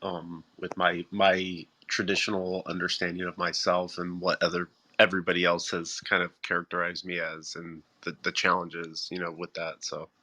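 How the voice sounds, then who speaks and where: A man taking part in an online discussion, speaking in a halting, reflective way with many restarts. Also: low voice, completely flat delivery, pushed and bright. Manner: halting, reflective, repeats words. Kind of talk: casual chat.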